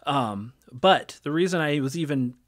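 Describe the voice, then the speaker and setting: A man's voice: a little high, expressive, a little slow. A man in his thirties hosting a gaming podcast in casual chat, rambling with many fillers and restarts. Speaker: podcast host.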